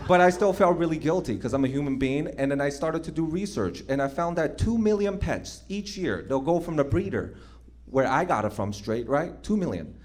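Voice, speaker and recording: A male stand-up comedian doing a sarcastic, ranting set on a comedy club stage with a handheld mic. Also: on the high side. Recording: loud noisy club recording.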